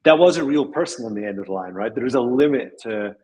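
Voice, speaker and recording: This tech company head, a guest in a casual interview, thinks aloud in a rambling way, restarting sentences and laughing softly. He talks fast in a husky, slightly mellow mid-range voice with lively intonation, captured on poor audio.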